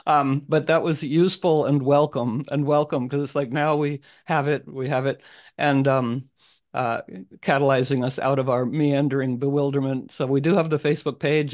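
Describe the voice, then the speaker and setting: A man's voice: medium pitch, steady tone, moderate pace, a little mellow. A man hosting an online group call, talking casually in a rambling, playful way and acting out little voices in his stories. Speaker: group host.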